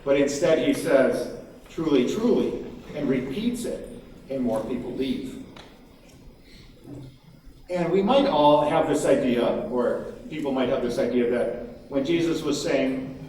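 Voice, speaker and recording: A man giving a conference keynote, animated and emphatic, acting out quotes from crowds. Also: medium pitch, unhurried, long pauses, a little hiss or hum. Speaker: keynote speaker. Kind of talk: conference talk. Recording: echoey hall from far off, faint ambience.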